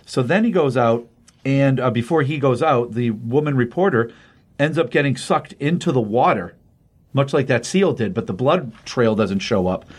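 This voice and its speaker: A man's voice: mid-range voice, expressive, normal speed, husky. Man casually recapping comics. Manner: rambling, self-correcting recap. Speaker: comic book podcast host. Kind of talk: casual spoken review.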